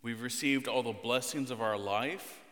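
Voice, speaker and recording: A man preaching a sermon, with animated, swooping emphasis. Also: medium pitch, moderate pace, long reverb tail.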